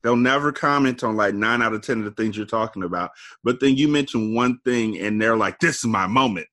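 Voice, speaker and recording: A man's voice: lowish voice, fairly quick, fairly bright tone. A man co-hosting a podcast in casual chat, laid-back and blunt with his opinions. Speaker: podcast co-host.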